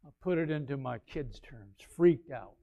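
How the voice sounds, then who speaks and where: A male pastor preaching a sermon, animated, swinging between quiet asides and loud bursts. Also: mid-range voice, normal speed. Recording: slightly dull, lo-fi sound.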